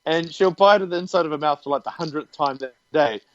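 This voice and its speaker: A man's voice: a little high, fast, dry recording. A man with a New Zealand accent, hosting a podcast in jokey, chatty casual talk. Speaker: podcast host. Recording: muffled lo-fi audio.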